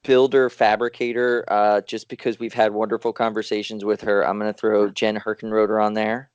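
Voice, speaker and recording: A man's voice: fairly low pitch, flat delivery, brisk, clear, resonant tone, no echo, dull audio. A man co-hosting a podcast, thinking aloud in an easygoing, casual way. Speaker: podcast co-host.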